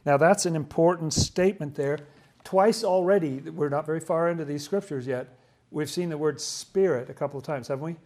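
A man's voice: fairly high pitch, brisk, darkish tone. A man leading a casual Bible study, explaining passages with enthusiasm and asking questions as he goes.

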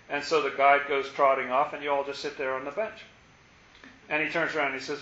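A man giving a reflective Bible talk, musing and turning forceful and emphatic, in an echoey, dull lo-fi recording. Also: medium pitch, flat delivery, a little fast. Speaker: Bible teacher.

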